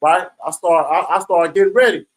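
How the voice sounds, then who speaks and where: A high-pitched man speaking fairly quickly tells a prison story, loose and streetwise, with plenty of cursing. He often checks in with "right?", and the recording is low quality.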